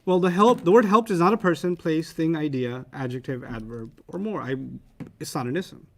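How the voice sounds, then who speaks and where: A man's voice: on the high side, moderate pace. Playful man teaching grammar. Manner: playful, teasing, animated explaining. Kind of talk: casual lesson with students.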